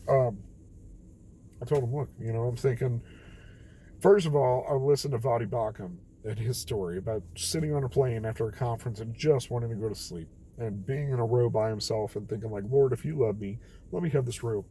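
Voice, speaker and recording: A man's voice: medium pitch, brisk, warm tone, a little hiss or hum, rough recording. A young man telling a rambling, self-deprecating story late at night, tired and quoting others as he goes. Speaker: vlogger.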